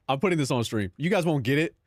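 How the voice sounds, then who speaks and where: A man's voice: a little high, expressive, quick pace, dry recording, clean studio sound. A young man streaming live, chatting casually, joking and swearing, often laughing at his own bits.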